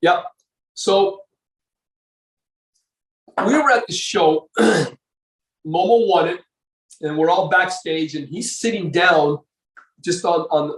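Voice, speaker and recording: A man's voice: fairly high pitch, roomy sound, distant mic, low-quality recording. An older man, a former bodybuilder, telling a long story as a podcast guest, rambling with many fillers and restarts. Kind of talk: casual storytelling interview.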